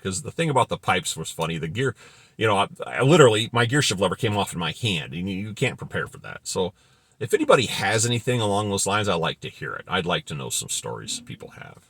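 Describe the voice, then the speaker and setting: A man's voice: sits low, big pitch swings, quick pace, fairly bright tone, slightly rough, dry recording. A middle-aged man telling rambling, wry anecdotes about his work as a pilot in a casual monologue. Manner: wry, rambling, digressive storytelling. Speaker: former pilot telling stories.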